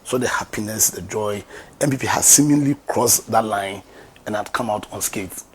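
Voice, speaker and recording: A man's voice: on the low side, moderate pace, slight background noise. A man with a Ghanaian English accent giving political commentary, asking rhetorical questions and turning emphatic.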